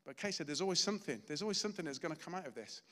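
A man's voice: fairly high pitch, lively intonation, racing, fairly bright tone, big-room sound. A middle-aged man giving a sermon, telling a personal story in an earnest, chatty way. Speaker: preacher.

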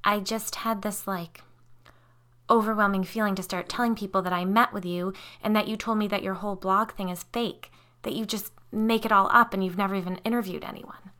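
A woman's voice: medium pitch, steady tone, a little fast, lightly acted. A woman voicing a brash teenage girl who blurts, hisses and swears when scared. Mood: uneasy. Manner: blurts and hisses, loud outbursts.

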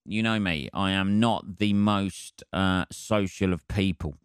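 A man's voice: low-pitched, unhurried, clear, resonant tone, no echo, studio quality. A man hosting a comedy podcast, rambling wryly and swearing freely through his own stories.

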